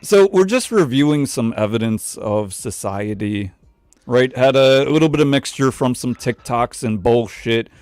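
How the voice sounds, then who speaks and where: Man, livestream host, casual joking chat, quick bursts, dry close sound. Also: medium pitch, animated, a little mellow, clear, resonant tone, dry recording.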